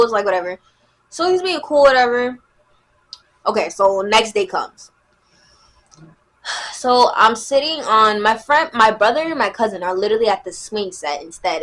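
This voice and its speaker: Young woman w/ aave doing a storytime vlog, kinda high voice, chatty, lots of like and bro. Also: a bit bright. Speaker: vlogger.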